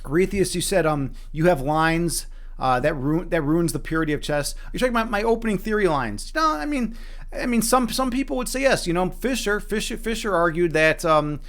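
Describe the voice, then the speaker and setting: Swearing, excitable Chicago man streaming chess. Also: high-pitched, brisk. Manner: animated, swearing, talks to chat while playing. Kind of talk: live-stream chess commentary.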